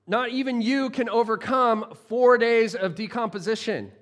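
A man's voice: extremely high pitch, moderate pace, fairly bright tone. A man, a pastor, delivering a sermon in a conversational, playful way with frequent restarts.

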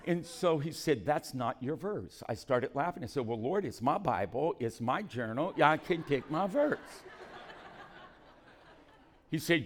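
A male pastor preaching a sermon, moving between calm scripture reading and loud, shouted exhortation in a church. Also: fairly high pitch, normal speed, few pauses, in a large hall. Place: church hall.

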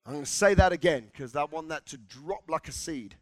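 A man preaching a sermon in a church with passion, rising to shouts and calling the congregation to respond. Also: a little high, a little fast, few pauses, dry recording. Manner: impassioned, shouting in bursts, congregational call-and-response.

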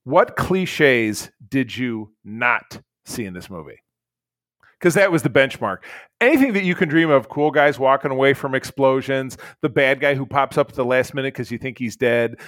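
A man's voice: medium pitch, a little fast, dry recording. A man co-hosting a casual chat, reviewing a movie in a blunt, rambling way with lots of fillers and restarts. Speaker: podcast co-host, movie reviewer.

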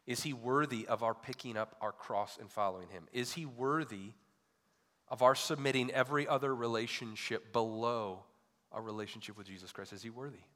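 A male pastor delivering a sermon, asking repeated rhetorical questions and swinging between loud emphatic peaks and quiet low drops. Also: fairly even intonation, fairly quick. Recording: long hall reverb.

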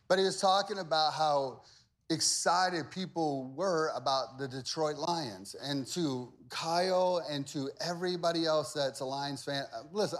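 A male pastor giving a conversational sermon, animated and repetitive, swinging between loud emphasis and hushed asides. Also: on the high side, normal speed.

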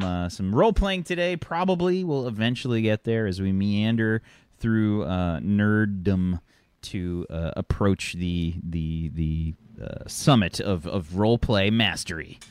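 A man hosting a sci-fi role-play show, introducing it in a rambling, halting way with many fillers. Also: lowish voice, animated, clear, resonant tone, dry recording. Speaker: host and game master.

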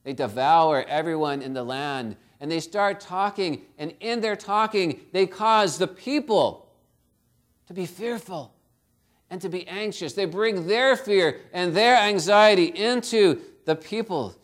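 Earnest male preacher with a high voice, delivering a sermon and calling listeners to humility. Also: a little slow, a bit bright. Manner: earnest, exhorting, direct questions to listeners.

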